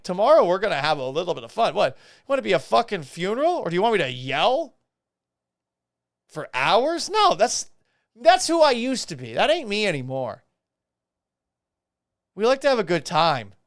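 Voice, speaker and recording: A male podcast host on a live stream, talking in a fairly high, very lively voice that swoops up and down. His tone is smooth and clear, recorded dry and close, and he rants with profanity and sarcasm. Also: no room sound. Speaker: podcast host reacting to a baseball loss. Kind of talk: casual live-stream rant with chat.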